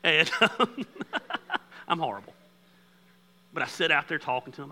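Bright, storytelling male pastor. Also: on the high side, unhurried, low-quality recording. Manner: storytelling, self-deprecating humor; conversational, with lively bursts. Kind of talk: sermon.

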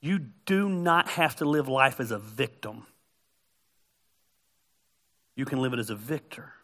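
A middle-aged male pastor giving a conversational, joking sermon that builds to loud, emphatic peaks. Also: medium pitch, expressive, a little slow.

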